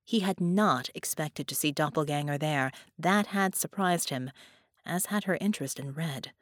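A woman reading a science-fiction story aloud as narrator, in a steady storytelling manner. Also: sits low, normal speed, no echo, clean studio sound. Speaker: audiobook narrator. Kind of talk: scripted narration.

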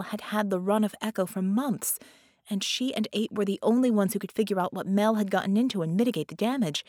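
A woman narrating an audiobook in measured, dramatic storytelling. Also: medium pitch, a little mellow, no room sound, studio quality.

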